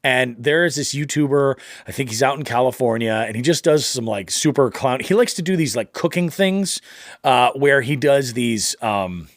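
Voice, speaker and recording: A man's voice: mid-range voice, animated, normal speed, dry recording, studio quality. A middle-aged man hosting a fishing podcast, chatting upbeat and rambling with plenty of fillers. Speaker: podcast host. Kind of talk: casual fishing podcast chat.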